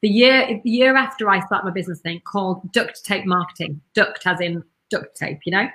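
A woman's voice: medium pitch, normal speed, sharp tone. A woman who runs a marketing business, chatting in an interview in a blunt, enthusiastic, very talkative way. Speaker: marketing business owner, podcast guest. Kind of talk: casual interview chat.

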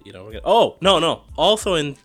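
A young man co-hosting a podcast, chatting casually in slangy, excitable talk and laughing often. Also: a little high, fast, soft background music. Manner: animated, slangy, laughs a lot. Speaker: podcast co-host. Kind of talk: casual chat.

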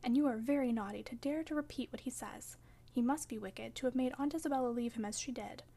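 A woman voicing an impulsive, warm-hearted teenage girl in an audiobook, earnest and pert and quick to flare up. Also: a little high, creaky. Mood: indignant. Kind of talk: audiobook character reading.

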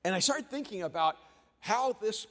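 A male pastor delivers a sermon, telling stories in an animated way. His voice sits high for a man. It carries through a large hall with a long reverb. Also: normal speed. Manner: storytelling, animated.

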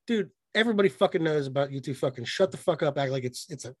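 Excitable profane man, fairly high voice. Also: no room sound. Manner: excited, profane, mocking, quick bursts of mimicry. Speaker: podcast co-host. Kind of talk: casual recap chat.

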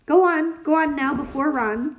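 A woman reading as a brisk, kind mother. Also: sits high, voice pushed up, close to an everyday voice. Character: kind bustling mother of many sons. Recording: tinny phone-like sound.

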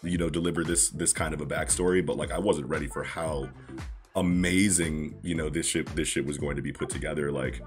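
A man's voice: extremely low pitch, fairly even intonation, a little fast, faint music behind. A man casually chatting about manga on a podcast, laid-back and full of fillers and swearing.

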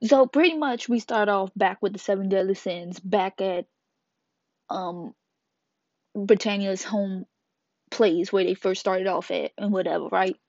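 A woman's voice: medium pitch, a little mellow. Woman vlogger, casual slangy manga recap; lo-fi sound, no room echo. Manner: slangy and playful, retells scenes with quick asides. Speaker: manga reviewer. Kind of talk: casual video review. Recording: dull lo-fi dry sound.

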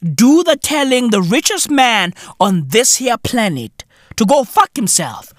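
A young South African man hosting a podcast, ranting in a casual, profane, comedic way with shouting and laughter. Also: very high-pitched, a little slow, no room sound, studio quality. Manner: animated, profane, bursts into loud laughter and shouting. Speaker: podcast host.

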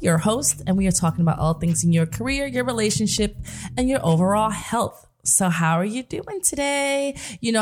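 A woman hosting a podcast, telling stories in a chatty, upbeat way with lots of fillers. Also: medium pitch. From Brooklyn, New York. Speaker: podcast host. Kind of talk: casual podcast chat.

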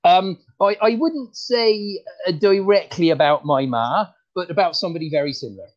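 A man voicing a bumbling rural farmer comedian with a rural English accent, talking in a halting, stammering, folksy way. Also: high-pitched, natural voice. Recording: dull lo-fi sound.

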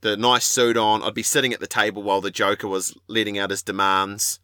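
A man's voice: fairly low pitch, little pitch movement, a little fast, sharp tone, clean tone, no room sound, studio quality. A man co-hosting a podcast, rambling in laid-back, crude banter. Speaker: podcast co-host. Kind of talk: casual banter.

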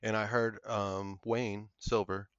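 A man, a podcast guest, telling a paranormal story in an earnest, halting way. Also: on the low side, little pitch movement, fairly bright tone, clean tone, no echo. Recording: muffled lo-fi audio.

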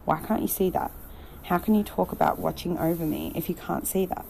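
A woman's voice: fairly low pitch, creaky, warm tone, slight background noise. Woman reading as a fragile, intense young woman. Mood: distraught. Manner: earnest, pleading, quickening when upset.

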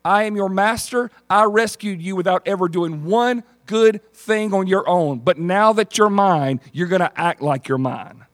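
A man voicing God, who makes slow, emphatic declarations. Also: high-pitched, dry recording, clean studio sound, pitched above the performer's own voice. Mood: commanding. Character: commanding male God, firm and emphatic.

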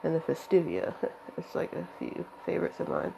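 Young adult with a creaky voice. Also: mid-range voice, sing-song, normal speed, noisy background. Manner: rambling, hesitant, many "like"s. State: voice cracking from allergies. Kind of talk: casual monologue to camera.

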